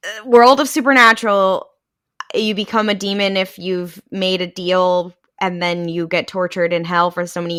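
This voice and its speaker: Wry, bright-voiced woman. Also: on the low side, clear, resonant tone. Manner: wry, amused commentary. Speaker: podcast co-host. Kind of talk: casual chat.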